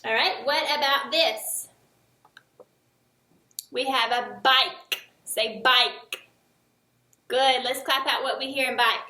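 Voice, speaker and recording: A woman teaching young children a remote lesson, speaking slowly and encouragingly, with each word clearly enunciated. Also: sits high, steady tone, bright, forceful tone, roomy sound. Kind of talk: early-years remote lesson.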